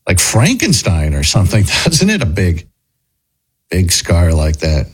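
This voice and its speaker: A man hosting a casual talk show, his voice husky and a little breathy. His pitch swings around a lot as he reacts, restarts and thinks out loud. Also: measured pace, rough recording. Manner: animated, conversational, thinks aloud with restarts. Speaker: host. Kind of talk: casual commentary chat.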